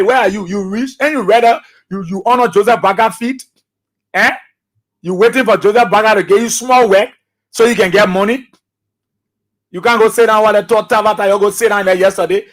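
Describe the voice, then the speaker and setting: A man's voice: high voice, brisk, a bit bright. A man with a Liberian English accent hosting a call-in radio talk show, ranting combatively at opponents before taking calls. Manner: combative, scolding rants at opponents.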